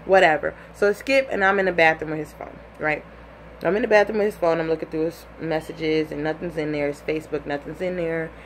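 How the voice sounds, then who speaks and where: A young woman telling a personal story in a casual, animated way, full of "like" and acted-out quotes. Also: deep voice, fairly quick, a little hiss or hum.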